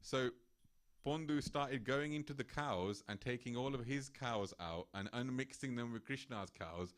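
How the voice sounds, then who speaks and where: A man's voice: medium pitch, unhurried. A man giving a temple talk, telling a devotional story and acting out the characters' voices. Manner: animated, acts out quoted voices. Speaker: temple speaker. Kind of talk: sermon storytelling.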